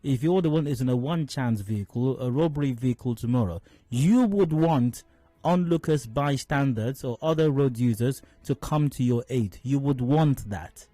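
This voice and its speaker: A man with a Nigerian accent giving radio commentary as a talk show host, measured and full of fillers and restarts. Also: mid-range voice, mellow, no room sound, soft background music. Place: radio studio.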